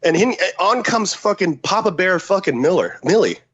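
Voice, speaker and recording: A man's voice: high voice, normal speed, slightly rough, muffled recording. A man, a former special forces soldier and podcast guest, telling a story in casual, profane talk and acting out the quotes. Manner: profane, animated, acts out quotes.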